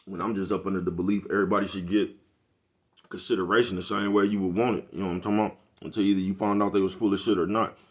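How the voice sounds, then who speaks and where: A man's voice: low-pitched, little pitch movement, very fast. A man delivering a casual, profane monologue to his viewers, forever checking in with "you know what I'm talking about". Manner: laid-back, profane street talk. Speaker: vlogger.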